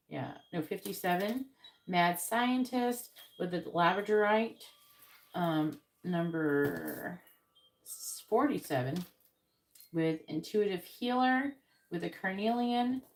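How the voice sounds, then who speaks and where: A woman's voice: on the low side, a little hiss or hum. A tired woman hosting a tarot live stream, chatting casually and rambling, with many ums and self-corrections.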